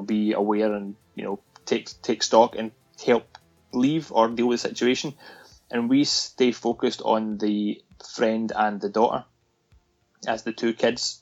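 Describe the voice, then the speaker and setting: A man's voice: mid-range voice, dull audio. A man talking casually about a film, animatedly retelling scenes and acting out the lines.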